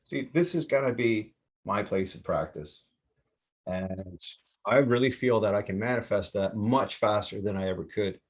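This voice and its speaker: A man with a fairly low voice tells a story in loose, casual podcast chat. He swears constantly and gets worked up as he goes, jumping from thought to thought. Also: normal speed. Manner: profane, excitable, rambling. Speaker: podcast host. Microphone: remote call setup.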